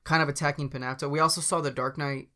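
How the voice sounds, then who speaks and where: A man's voice: on the high side, fairly even intonation, fast, pushed and bright. A man co-hosting a podcast in casual chat, rambling with lots of fillers and restarts. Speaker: podcast co-host.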